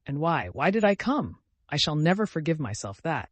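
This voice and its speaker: Audiobook figure: man voicing an anguished young murderer, pleading and lively in pitch. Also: normal speed, no room sound. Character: tormented young male murderer confessing.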